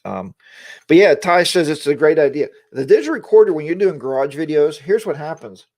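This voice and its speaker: A man's voice: a little high, very animated, brisk, darkish tone. A man hosting a casual livestream, talking in a rambling, chatty way and greeting viewers by name, on a lapel mic in a home studio. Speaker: livestream host.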